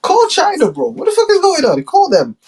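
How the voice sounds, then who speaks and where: A man voicing a brash, drunk, boastful male leader who shouts indignantly in street slang. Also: very high voice, huge pitch swings, brisk, creaky, pitched above the performer's own voice, heavily acted. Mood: indignant ranting.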